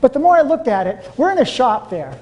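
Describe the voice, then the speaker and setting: Animated man telling a seminar story. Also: very high voice, fairly quick, dull audio. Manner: storytelling, animated, laughing often. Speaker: seminar speaker. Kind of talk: motivational seminar talk to a live audience.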